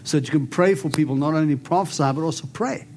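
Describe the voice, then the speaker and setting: A little high and darkish, this preacher's voice moves quickly as he prophesies over the congregation, making bold declarations and urging responses. Slight background noise is audible.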